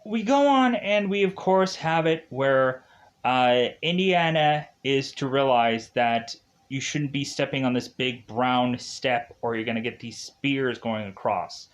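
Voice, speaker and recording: A man's voice: medium pitch, measured pace. A man reviewing a film in a casual, rambling way. He fills gaps with "uh" and "of course" and chuckles at his own jokes.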